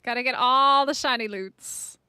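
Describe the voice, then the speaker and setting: Her high, bright voice is forceful yet smooth, and she takes her time as she streams a survival game, bantering with viewers and laughing a lot. The recording is dry and studio quality.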